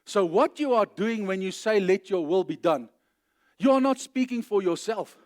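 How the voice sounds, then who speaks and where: Male pastor, South African accent, middle-aged, emphatic church sermon, slightly high voice. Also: animated, normal speed. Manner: emphatic, rising to loud declarations then dropping low.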